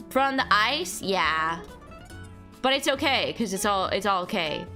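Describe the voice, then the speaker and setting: Chatting loosely with her stream viewers, a young woman reads their messages aloud, laughing and rambling through plenty of fillers. Her medium-pitched voice is bright and pushed, slow-paced yet lively in intonation, over faint background music.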